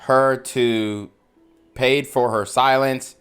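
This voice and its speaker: A man hosting a news commentary channel, reacting in casual talk with drawn-out exclamations. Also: mid-range voice, a bit bright, clean tone, faint music behind. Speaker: host reacting to news clips.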